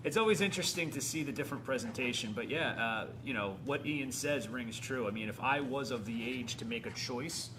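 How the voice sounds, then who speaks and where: A man's voice: medium pitch, a little fast, hardly any pauses, background noise. A man hosting a live online autograph signing, chatting about wrestling and reading out fan names and orders. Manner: reads out fan names and towns, plugs the website. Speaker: host of live virtual signing. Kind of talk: casual live-stream hosting.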